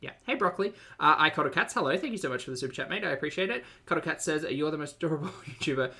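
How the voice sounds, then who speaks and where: A man's voice: fairly high pitch, expressive, racing, vocal fry, sharp tone, slightly rough. A young Australian man hosting a live-stream reaction, chatty and joking as he greets viewers by name. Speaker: streamer and host.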